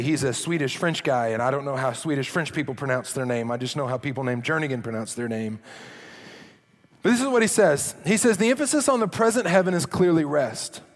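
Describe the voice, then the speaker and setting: A man preaching a sermon as a pastor, animated, dropping low and quiet for emphasis. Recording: long hall reverb.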